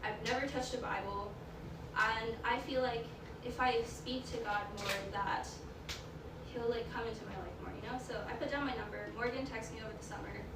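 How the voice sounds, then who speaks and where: A woman's voice: fairly high pitch, fairly even intonation, moderate pace. A young woman, a college student, sharing a personal testimony with a group, talking casually and rambling with a constant "like". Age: young adult. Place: large echoey room with a gathered audience. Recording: echoey room, voice far from the mic, loud noise.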